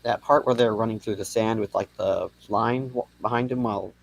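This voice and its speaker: A man's voice: lowish voice, steady tone, brisk, vocal fry. A man on a podcast panel, answering casually and a little hesitantly.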